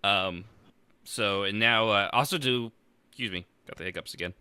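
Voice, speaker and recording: A man's voice: on the low side, normal speed, bright, forceful tone, smooth, dry recording. A man co-hosting a casual podcast about role-play, rambling and joking, with the odd swear word. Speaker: podcast co-host. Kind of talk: casual chat.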